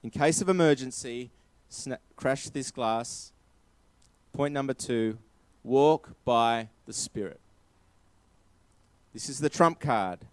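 A man's voice: medium pitch, unhurried, dry recording. A man preaching a sermon, emphatic and repeating his key phrases.

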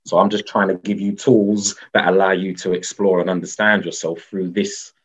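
A man's voice: deep voice, level tone, normal speed, breathy edge. A man talking as a guest in a casual interview, rambling with many fillers and frequent laughs. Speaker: guest, mushroom educator. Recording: dull lo-fi sound.

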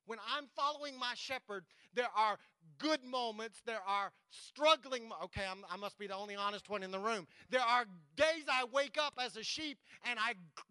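A man, the church pastor, preaching a sermon, reading scripture slowly and with emphasis and talking straight to the congregation. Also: very high-pitched, bright, forceful tone, clean tone, dry recording, rough recording.

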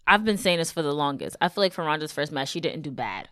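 Woman co-host, bright and punchy, acts out quotes while telling stories, dry recording. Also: deep voice, quick pace, dry recording. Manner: animated storyteller, acts out quotes, swears. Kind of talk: casual podcast chat.

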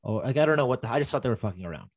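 Young guy, casual storyteller, rambly, filler-heavy, mid-pitched. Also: animated, rapid-fire, husky. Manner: rambling, many fillers and restarts. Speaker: guest telling a story. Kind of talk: casual chat.

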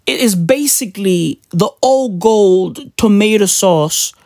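A woman's voice: mid-range voice, animated, slow, darkish tone, no room sound, studio quality. A woman with a South African accent, ranting casually on a vlog with heavy swearing and slang. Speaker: vlogger. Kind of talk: profane casual rant.

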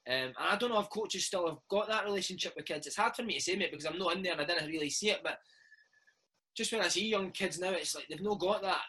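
A Scottish former footballer, maybe in his thirties, telling lively, laughing stories in a casual interview. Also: high voice, quick pace, slightly rough, rough recording. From Scotland. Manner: lively, laughing, says mate a lot. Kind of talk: casual storytelling chat.

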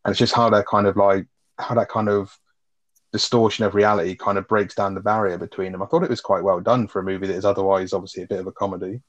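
A man's voice: sits low, steady tone, muffled recording. A man co-hosting a casual film review, rambling, swearing and laughing as he talks. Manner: fast, rambling, swears often, laughs a lot. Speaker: podcast co-host.

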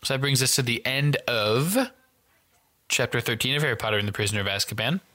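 A man co-hosting a podcast in easy, casual chat. His voice is bright and forward, and he sounds upbeat as he wraps up with thanks and reminders. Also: mid-range voice, lively intonation, quick pace. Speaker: podcast co-host.

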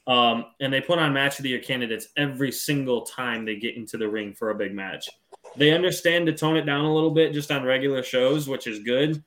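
A man co-hosting a wrestling podcast, talking in a relaxed, rambling way with frequent ums. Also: mid-range voice, brisk. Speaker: podcast co-host. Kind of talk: casual wrestling podcast chat.

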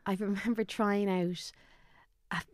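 A woman's voice: mid-range voice, fairly even intonation, measured pace, a little mellow, no echo, studio quality. An Irish woman in her thirties, a podcast guest telling a personal family story candidly, acting out what people said. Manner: candid, tells it with quoted dialogue.

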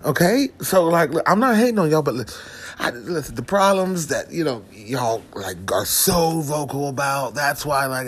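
Husky, animated ranting man. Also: mid-range voice, moderate pace. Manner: animated, swearing, many restarts and asides. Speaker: vlogger. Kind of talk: profane comic rant to camera.

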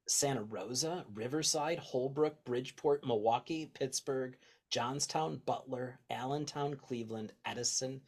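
A man hosting a casual podcast chat, excitable, swearing freely and reading out long lists. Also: medium pitch, creaky, husky. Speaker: podcast host.

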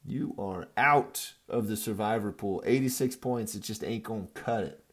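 A man's voice: fairly low pitch, normal speed, slightly rough. A man in his thirties giving a rambling, profane, jokey recap of his fantasy football league to his friends. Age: 30s. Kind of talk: casual profane recap video.

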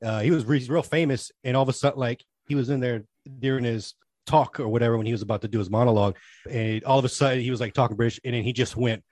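A man's voice: medium pitch, fast talker, no echo. A man in his forties co-hosting a podcast, chatting casually and rambling through stories. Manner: rambling storyteller, chatty and animated. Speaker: podcast co-host. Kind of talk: casual chat.

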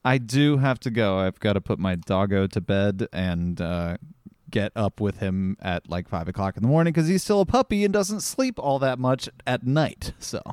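A man's voice: fairly low pitch, normal speed, darkish tone, clean tone. A man appearing as a guest on a podcast, talking in an upbeat, eager way. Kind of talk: casual podcast chat.

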